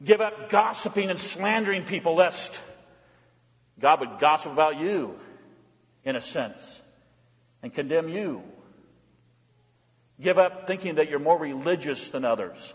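A male pastor delivering an emphatic sermon in a church, repeating refrains and moving between loud appeals and quiet, hushed lines. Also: on the high side, expressive, measured pace, pauses often, in a large hall.

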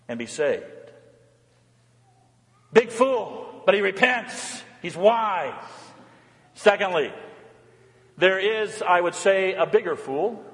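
A male pastor delivers a sermon in a high voice, firing rhetorical questions and exhortations at his listeners. His voice rings with long reverb, as in a large church hall. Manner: rhetorical questions, exhorting, rising and falling intensity.

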